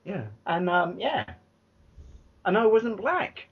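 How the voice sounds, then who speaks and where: An English man co-hosting a casual podcast chat, telling rambling animated stories with lots of restarts and swearing. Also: high voice, slow, husky. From England. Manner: rambling, animated storytelling with many restarts and profanity. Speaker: podcast co-host. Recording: dull lo-fi podcast audio.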